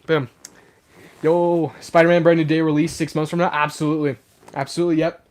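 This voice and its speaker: A young man hosts his live stream, reading chat aloud and talking casually. Being sick has roughened his voice a little. He sits somewhat high in pitch and chatters eagerly with plenty of "um"s. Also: a little fast. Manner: chatty and excitable, full of fillers. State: sick, voice sounds rougher than usual.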